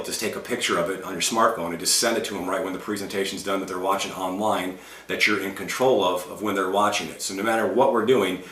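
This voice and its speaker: A confident man coaches his listeners with emphatic conviction. His voice is bright and forward, and it sits back from the microphone in a reverberant room. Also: fairly low pitch, recorded from a distance. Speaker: sales trainer. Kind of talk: instructional talk. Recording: echoey room, voice set back from the mic.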